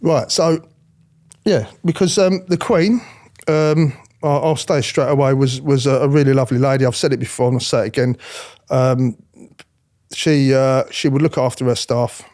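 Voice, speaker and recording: A middle-aged former royal protection officer talks at a moderate pace in a medium-pitched voice. His candid storytelling interview is blunt and animated, peppered with swearing and mimicry of the people in his stories.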